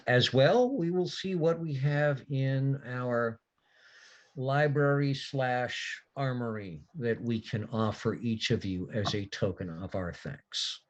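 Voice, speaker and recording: Man voicing a noble fae lady, formal, courteous, measured, slightly dull mic. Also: mid-range voice, pitched above the performer's own voice, close to an everyday voice. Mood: gracious. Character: poised, gracious noble fae woman.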